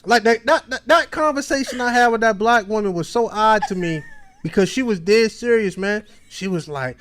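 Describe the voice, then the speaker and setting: A man's voice: high-pitched, animated, normal speed, fairly bright tone. A man with a Baltimore accent hosting a podcast, telling a long, rambling story in casual slang. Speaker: podcast host.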